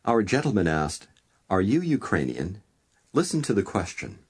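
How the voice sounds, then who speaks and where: A man narrating a language course in a calm, measured instructor's manner, prompting the learner to repeat. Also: low-pitched, slightly rough.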